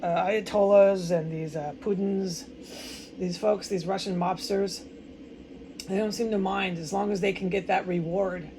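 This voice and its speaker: A woman's voice: medium pitch, gravelly, a little mellow, slight background noise, low-quality recording. An American woman in a distraught, rambling personal monologue, stumbling over words and swearing often. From United States. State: upset and distraught. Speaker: vlogger.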